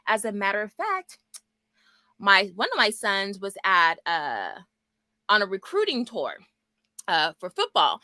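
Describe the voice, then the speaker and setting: A middle-aged woman from Texas hosting a homeschool book club livestream from her small home office, lively and chatty, greeting viewers by name. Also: a little high, dry recording. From Texas, US South. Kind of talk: casual livestream book chat. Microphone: desk mic.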